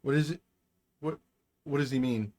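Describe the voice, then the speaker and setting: A man's voice: mid-range voice, moderate pace, darkish tone. A man hosting a casual livestream talk show, joking crudely and hyping the next episodes. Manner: crude, joking, hyped sign-off. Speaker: podcast host.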